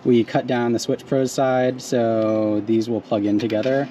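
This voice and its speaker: A man's voice: medium pitch, little pitch movement, unhurried, warm tone, a little hiss or hum. A man in a casual how-to vlog, explaining step by step with fillers while working on a truck in a driveway outdoors.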